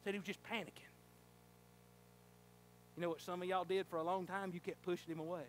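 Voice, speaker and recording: A male pastor preaching a sermon in a church, telling a folksy story and rising to fervent shouting. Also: sits high, little pitch movement, brisk, a little hiss or hum. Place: church sanctuary.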